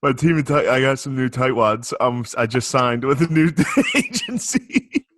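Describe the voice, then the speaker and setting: A man's voice: medium pitch, sing-song, normal speed, fairly bright tone, dry recording, studio quality. A man, a comedian, talking in casual podcast chat, joking and laughing through his lines.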